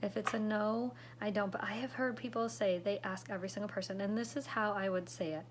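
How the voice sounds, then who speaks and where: A woman coaches direct sellers in a relaxed, talky way, often pausing to check in with "okay?" and slipping into the lines she uses on customers. Her voice sits in an ordinary middle pitch. A faint room hum sits behind her. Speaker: direct sales consultant. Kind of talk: instructional talk to sales reps.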